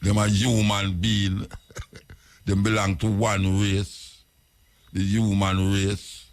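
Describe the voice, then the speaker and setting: A man's voice: lowish voice, flat delivery, slow pace. A radio host with a Jamaican accent, delivering a talk monologue and questioning and urging his listeners.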